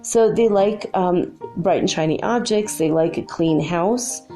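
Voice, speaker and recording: Woman, middle-aged, deep mellow voice, rambling casual talk. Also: unhurried, soft background music. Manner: rambling, chatty, with many fillers. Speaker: spiritual channel host. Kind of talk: casual spoken monologue.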